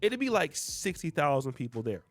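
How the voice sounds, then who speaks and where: A man's voice: a little high, big pitch swings, normal speed, dry recording, faint music behind. A man hosting a reaction video, explaining clips in a conversational way. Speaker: host. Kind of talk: reaction commentary.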